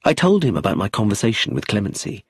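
Husky male audiobook narrator. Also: fairly low pitch, huge pitch swings, fast talker, no echo, studio quality.

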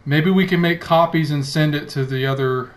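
A man's voice: fairly high pitch, fairly even intonation, normal speed. A man narrating a tabletop game as dungeon master, with many fillers and restarts. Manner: hesitant, filler-heavy narration. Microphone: console party chat.

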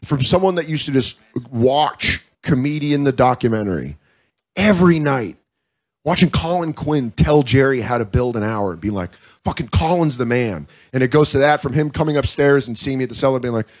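A man in his thirties, a comedian, chatting casually and telling stories with lots of swearing and quick impressions. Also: mid-range voice. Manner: profane, animated storytelling with quick impressions. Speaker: comedian guest. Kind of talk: casual interview chat. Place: comedy club stage, live.

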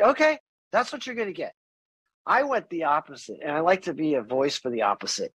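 Middle-aged man, podcast guest, animated and candid, somewhat high-pitched, dry close sound. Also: brisk, slightly rough, dry recording, rough recording. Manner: animated, candid, swears freely, acts out quoted voices. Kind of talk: casual interview conversation.

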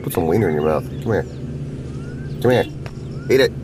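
A man's voice: deep voice, lively intonation, a little fast, noisy background. A man hosting a gaming channel, giving goofy, crude gameplay commentary and slipping into silly voices. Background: game music and sounds.

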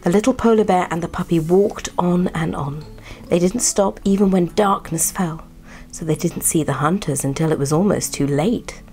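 A woman reading a children's bedtime story aloud in a soft, gentle manner. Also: fairly low pitch, moderate pace. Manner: soft, gentle, drops to whispers. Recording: faint background music.

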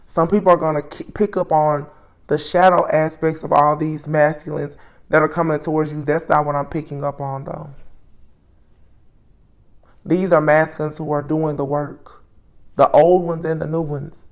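A woman giving a solo tarot reading, musing aloud as she names each card, with soft exclamations along the way. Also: low-pitched, level tone, moderate pace. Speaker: tarot reader.

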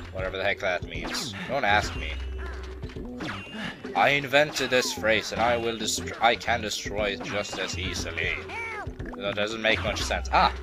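A young man giving casual, rambling commentary as a let's play host, full of playful jokes and asides. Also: fairly low pitch. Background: game music.

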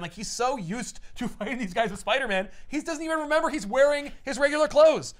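A man on a casual comic book podcast, recapping a story with profane jokes and quick voices for the characters. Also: extremely high pitch. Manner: animated, profane, acts out characters in jokey voices. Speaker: podcast co-host.

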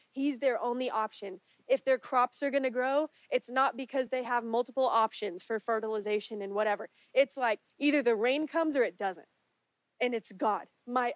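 Woman pastor preaching a sermon, earnest, pleading, slightly raised pitch, dry close sound. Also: no echo. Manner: earnest, pleading, rising in intensity during prayers. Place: church sanctuary.

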